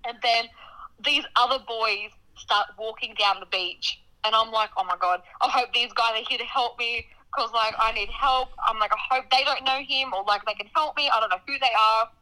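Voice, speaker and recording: A young woman telling a story in casual chat, dramatic and animated, acting out what people said. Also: a little high, moderate pace, poor audio. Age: young adult. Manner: animated, dramatic storytelling with laughter and acted-out quotes.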